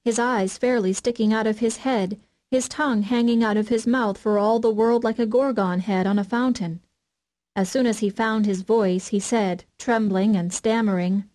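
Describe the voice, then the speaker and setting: A woman narrating an unabridged classic children's audiobook, gently addressing young readers. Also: mid-range voice, normal speed. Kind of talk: scripted storybook narration.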